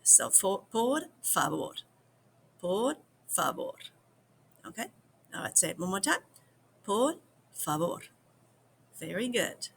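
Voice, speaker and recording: Slow, gravelly woman teaching phrases. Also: medium pitch, sing-song, slight background noise. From United States. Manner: drills phrases slowly, repeats them for viewers. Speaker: language teacher. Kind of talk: slow repeat-after-me language lesson.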